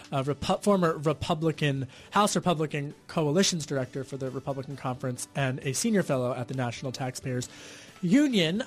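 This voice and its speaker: A Philadelphia-accented man hosts a political radio show in a fairly high voice. He talks with energy and tosses in quick jokey asides between questions. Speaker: radio host.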